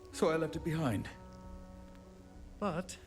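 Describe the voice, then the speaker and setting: A man's voice: fairly high pitch, takes it slowly. A man voicing a weary, self-deprecating handyman in a video game, chatty and apologetic with light laughs. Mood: rueful. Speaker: game character. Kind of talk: video game character dialogue. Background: game music.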